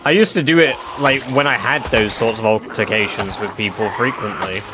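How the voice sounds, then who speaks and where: A man chatting on a game stream, telling a story in an animated, swearing manner. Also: on the low side, fairly quick. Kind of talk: casual livestream chat. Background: game music.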